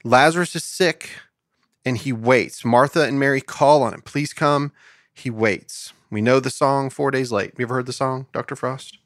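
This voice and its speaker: A man hosting a podcast Bible study, reading scripture slowly and asking his guest questions. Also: medium pitch, fairly bright tone, no room sound, clean studio sound. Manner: reads scripture aloud slowly, asks questions, laughs easily. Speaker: podcast host. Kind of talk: casual Bible study discussion.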